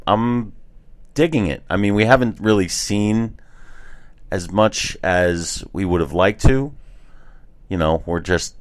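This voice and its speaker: A man with a fairly low voice co-hosts a casual podcast from a hotel room. He laughs often and tells animated stories. The sound is dry and close. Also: dry recording. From Florida. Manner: laughing, animated storyteller, plays up a lost voice as a joke. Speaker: podcast co-host. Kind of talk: casual chat.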